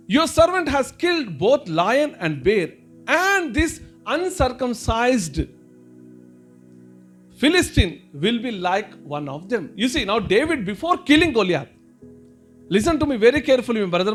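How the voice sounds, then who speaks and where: A very high-voiced man with an Indian English accent preaches a sermon. He circles back over each point, rephrasing it, and keeps calling his listeners brother and sister. Soft music plays faintly behind him. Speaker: pastor.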